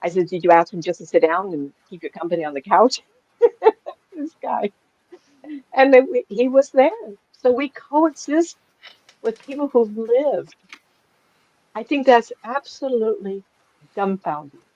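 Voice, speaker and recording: A psychic medium in her sixties chats casually with a small group, rambling and laughing a lot. Her voice is a little high and mellow, with a measured pace and frequent pauses. The recording is dull, lo-fi and dry, with no echo.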